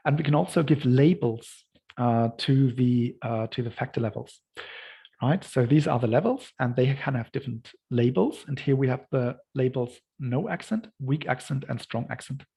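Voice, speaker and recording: A man's voice: mid-range voice, moderate pace, vocal fry, dark tone, breathy edge, rough recording. A man leading a workshop, explaining code step by step and often checking in with "right?". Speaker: workshop instructor. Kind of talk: lecture walking through code.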